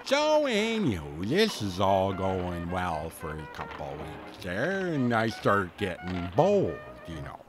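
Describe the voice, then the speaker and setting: A man's voice: low voice, wildly swooping pitch, takes it slowly, few pauses, music in the background, heavily acted. A man playing a folksy, rambling storyteller, filling his comic tall tale with slang and fillers. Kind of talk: comic character monologue.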